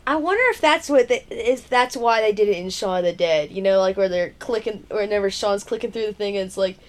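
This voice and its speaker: A woman co-hosting a podcast, chatting casually about a movie with quick quips and reactions. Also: medium pitch. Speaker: podcast co-host.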